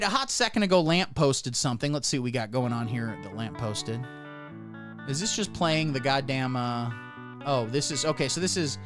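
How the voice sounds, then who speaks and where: A man hosting a comedic livestream from Ohio, talking in a rambling, irreverent, sarcastic way. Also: medium pitch.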